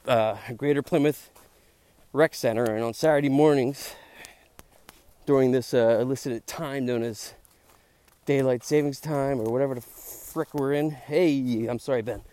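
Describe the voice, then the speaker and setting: A man's voice: mid-range voice, fairly even intonation, normal speed, mellow. A middle-aged man, a podcast host rambling casually as he walks a park trail. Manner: rambling, chatty, says "dude" and "like" a lot. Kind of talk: casual walk-and-talk monologue.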